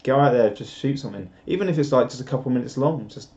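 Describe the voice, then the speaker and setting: A man chatting loosely on a live stream, rambling and self-deprecating with lots of restarts. His voice is mellow and warm, in the middle of the male range. The audio is dull and lo-fi. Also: medium pitch, fast talker, gravelly. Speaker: live streamer reading viewer chat. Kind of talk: casual live-stream chat.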